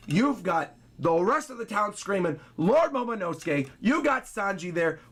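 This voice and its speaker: Young male streamer with a high voice, reading panels aloud dramatically and excitedly. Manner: excitable, reads dialogue dramatically with long drawn-out pauses. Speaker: streamer reacting to a manga chapter.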